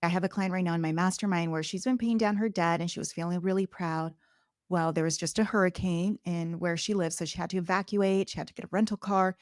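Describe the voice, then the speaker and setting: A woman hosting a podcast in casual interview chat. She is conversational and agreeing, and her pitch lifts when she quotes others. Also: steady tone, fast, no echo, clean studio sound. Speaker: podcast host, coach.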